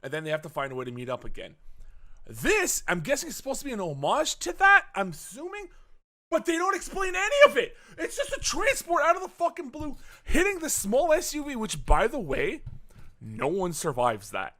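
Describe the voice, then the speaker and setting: A man's voice: very high-pitched, a little fast. A young adult man hosting a podcast, retelling a movie plot in a casual, profane, jokey way with lots of restarts. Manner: animated, profane, jokey storytelling with frequent restarts. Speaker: podcast host recapping a movie. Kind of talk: casual chat.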